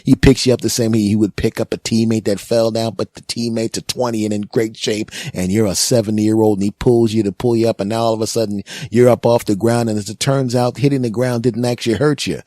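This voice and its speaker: A man in his forties hosting a comedic monologue, rambling and animated, often checking in with "right?". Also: on the low side, brisk, few pauses, dry recording, studio quality. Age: 40s. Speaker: podcast host.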